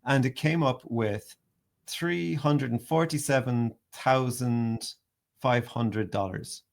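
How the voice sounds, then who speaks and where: A man's voice: medium pitch, slow pace, creaky. Hesitant man hosting a podcast. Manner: conversational, hesitant, many fillers and repeats. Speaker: podcast host. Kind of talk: casual podcast chat.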